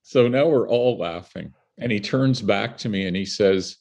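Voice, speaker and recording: A man's voice: lowish voice, normal speed, creaky. An older man from Canada, a guest telling vivid stories in conversation and laughing between them. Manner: animated, vivid storyteller who laughs between anecdotes. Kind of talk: storytelling in conversation.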